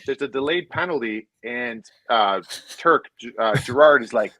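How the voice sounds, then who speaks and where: A man's voice: mid-range voice, normal speed, background noise. A man, a former hockey player, casually telling rambling locker-room stories full of restarts and swearing. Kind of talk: casual storytelling chat.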